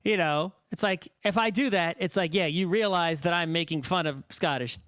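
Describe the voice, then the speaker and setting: A man's voice: sits high, normal speed, fairly bright tone, clean tone, no echo, clean studio sound. A man co-hosting a podcast in casual chat, rambling and checking in with the listener as he talks. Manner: rambling, keeps checking in with "right?". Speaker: podcast co-host.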